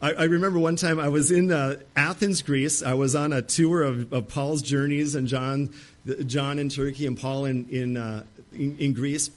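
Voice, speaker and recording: A man's voice: medium pitch, steady tone, moderate pace. A middle-aged male pastor preaching a sermon, dramatic and acting out the pleas of Bible figures.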